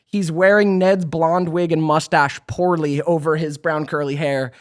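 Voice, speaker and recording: A man with a slightly higher voice talks loosely and chattily as a podcast co-host. He recaps the episodes with plenty of fillers and laughter. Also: steady tone, measured pace. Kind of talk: casual rewatch recap chat.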